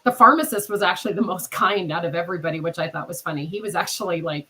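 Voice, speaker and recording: The audio is poor, and the podcast host's voice is husky, fairly low, and fairly quick. In a relaxed chat, this woman spins lively anecdotes and performs the quoted people's words, interrupted by a cough from being sick.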